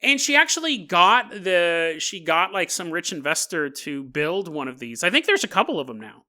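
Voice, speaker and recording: Rambling through a story on his solo podcast, the male host jokes around and keeps breaking into laughter mid-sentence. He has a high, sing-song voice, bright and forceful, delivered at a moderate pace.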